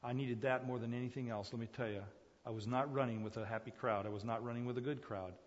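A male pastor preaching a sermon dynamically, swinging between loud emphatic calls and hushed asides, repeating phrases for emphasis and addressing listeners as folks. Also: medium pitch, fairly even intonation, fast talker. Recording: muffled recording in a long-echo hall.

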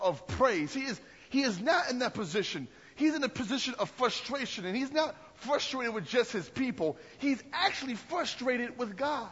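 A man's voice: very high-pitched, fairly bright tone, slightly rough. A male pastor preaching a sermon in a conversational, rambling way with frequent restarts. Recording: long hall echo, dull lo-fi sound.

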